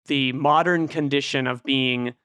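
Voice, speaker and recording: Bright, crisp-voiced man arguing his take. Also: mid-range voice, measured pace, no echo, studio quality. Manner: animated, argumentative, builds a theory. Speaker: podcast co-host. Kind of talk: casual film discussion.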